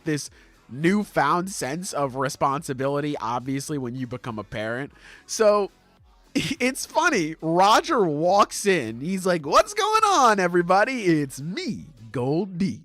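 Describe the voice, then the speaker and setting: Man, podcast co-host, casual manga recap, swearing, quick character voices, very lively pitch, dry close sound. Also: dry recording, faint music behind.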